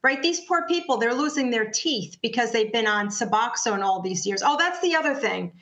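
A woman's voice: a little high, lively intonation, fairly bright tone, dull audio. Fiery woman advocate, echoey room. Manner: emphatic, combative, rapid rhetorical questions. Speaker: patient advocate guest. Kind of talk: heated interview talk.

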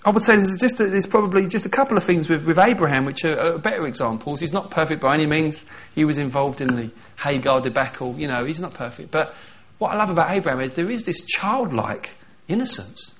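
A man preaching with lively energy, slipping into small acted voices for the people in his story and laughing as he goes. His voice sits a little higher than most men's. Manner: animated, acts out quoted voices, laughs often. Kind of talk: sermon.

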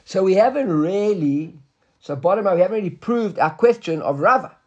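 A man's voice: high-pitched, lively intonation, normal speed, highs cut off. A man teaching a Talmud class, explaining step by step and often checking with "right?", mixing English with Hebrew and Aramaic terms.

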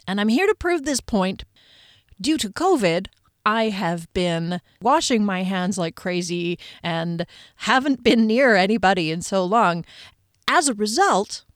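Woman narrator, expressive story reading with chatty author asides, mid pitch, dry close sound. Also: no room sound. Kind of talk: audiobook-style story reading.

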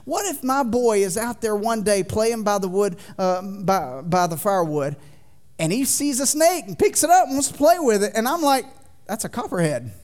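A man in his thirties preaching a sermon in a church, folksy and joking with the congregation, swinging from loud to quiet. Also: high-pitched, sing-song, moderate pace. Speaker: pastor. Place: church sanctuary.

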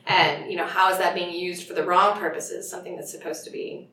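A woman's voice: fairly low pitch, fairly even intonation, brisk, pushed and bright. A woman author talking casually about her writing, chatty and laughing often, with frequent restarts. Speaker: author guest. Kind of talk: casual conversation. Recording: roomy audio from a distance with faint noise.

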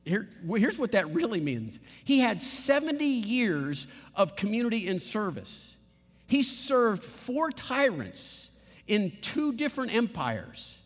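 A man's voice: sits high, very animated, normal speed, big-room sound. A man preaching a sermon as pastor, emphatic and repetitive, with playful asides.

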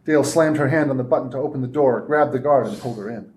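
His voice sits in the mid range as this man, an author, reads from his own fiction at a convention. The narration stays steady and measured throughout.

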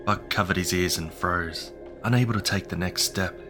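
Male horror narrator, deep, measured storytelling over a music bed.

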